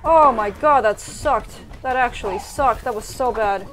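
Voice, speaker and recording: A woman streaming a video game live, reacting loudly and often while she plays. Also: fairly high pitch, a little slow. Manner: excitable, frequent exclamations while playing. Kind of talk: live gameplay commentary. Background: game music.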